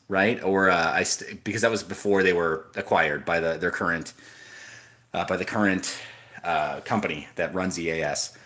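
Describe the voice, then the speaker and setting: A man's voice: low voice, normal speed, fairly bright tone. A man hosting a casual livestream, talking in a rambling way, answering viewer comments and often restarting his sentences. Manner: rambling, with frequent restarts and asides. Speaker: livestream host.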